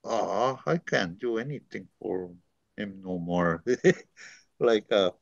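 A man teaching through unhurried stories, full of fillers and the tag "eh?". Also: fairly low pitch, animated, creaky, dry recording. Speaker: language teacher. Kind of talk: storytelling teaching talk. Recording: dry, dull lo-fi recording.

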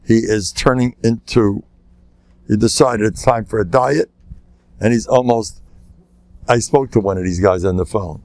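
A man's voice: lowish voice, moderate pace, a little mellow, no room sound. An older man, a rabbi, telling anecdotes in a lecture, laughing at his own jokes and acting out the voices of people in his stories. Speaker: rabbi giving a talk.

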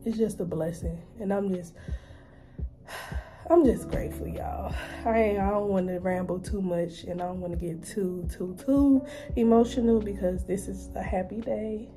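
A woman's voice: mid-range voice, fairly even intonation, normal speed, few pauses, mellow, faint music behind. A young woman in a casual vlog, chatting straight to her viewers in an emotional, talkative way. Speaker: vlogger, mother. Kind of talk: casual vlog chat to camera.

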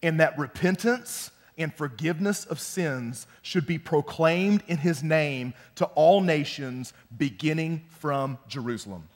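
A young man giving a youth sermon as student pastor, animated and often close to shouting. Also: a little high, measured pace, few pauses. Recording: long hall reverb.

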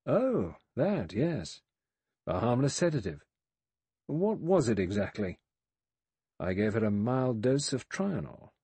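A man voicing a stiff, defensive middle-aged doctor in an audiobook, brisk and clipped. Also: mid-range voice, big pitch swings, warm tone, husky, no room sound, pitched above the performer's own voice, heavily acted. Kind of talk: audiobook character voice.

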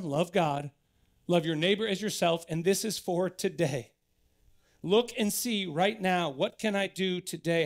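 A man's voice: sits high, creaky. A man in his thirties, a pastor preaching an earnest sermon in church that builds to emphatic exhortation.

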